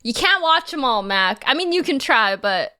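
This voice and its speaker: A woman's voice: high voice, very animated, normal speed, pushed and bright, clean tone. A woman livestreamer chatting casually with her chat in a playful, giggly way.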